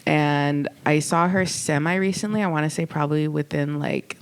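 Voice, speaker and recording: A young woman with a somewhat low voice chats casually on a podcast. She tells stories at length, quoting people and leaning on "like" between thoughts. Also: normal speed, clean tone. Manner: chatty storytelling, quoting others, frequent "like". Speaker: podcast co-host. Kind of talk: casual chat.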